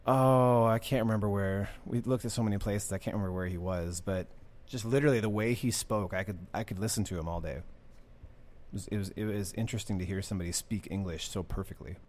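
A man co-hosting a casual podcast chat, relaxed and agreeable. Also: lowish voice, a little fast. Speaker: podcast co-host.

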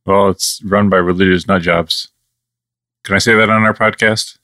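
A man's voice: low voice, fairly even intonation, moderate pace, pushed and bright, no room sound. A man co-hosting a podcast in casual chat, making dry, wry, sleepy quips. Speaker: podcast co-host.

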